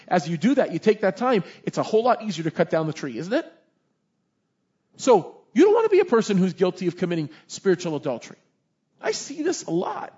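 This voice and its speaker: A man with a very high voice preaches, full of energy and story. He slips into shouting to act out scenes. The recording sounds dull and lo-fi. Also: slightly rough. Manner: animated storytelling, shouting in re-enactments. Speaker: chaplain and preacher. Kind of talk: sermon.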